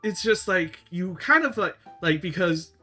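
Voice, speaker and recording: A man hosting a casual chat show, talking with eager enthusiasm and frequent halting restarts. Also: high-pitched, expressive, pushed and bright, soft background music. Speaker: host.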